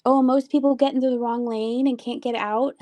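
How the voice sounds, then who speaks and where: A woman's voice: on the high side, fairly even intonation, brisk, mellow, dry recording. A woman hosting a casual live-selling stream from home, rambling between items and reading out viewer comments. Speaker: livestream seller. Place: home room with shelves.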